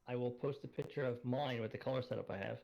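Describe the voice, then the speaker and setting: A man's voice: mid-range voice, steady tone, quick pace, gravelly, muffled recording. A man in casual voice-chat talk, his voice run through an auto-tune changer, rambling with lots of fillers as he looks things up. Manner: rambling, searches aloud, many fillers.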